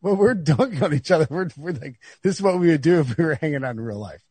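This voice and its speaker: A man hosting a sports podcast in casual, joking banter. His voice is a touch higher than most men's and slightly husky. The recording is dry and close. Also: lively intonation, fast talker, darkish tone, no echo. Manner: joking, laughs often. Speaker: podcast host.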